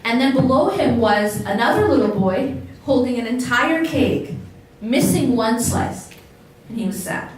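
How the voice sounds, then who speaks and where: Addressing a live audience on a religious subject, a woman talks conversationally and keeps asking her listeners questions. Her fairly high voice is animated but a little slow. She sounds far away in an echoing hall, with faint noise in the background.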